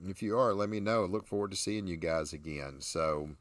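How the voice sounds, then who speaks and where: A man's voice: deep voice, moderate pace, no room sound. A man with a Southern country accent hosting a livestream podcast, folksy and joking, laughing often. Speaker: host.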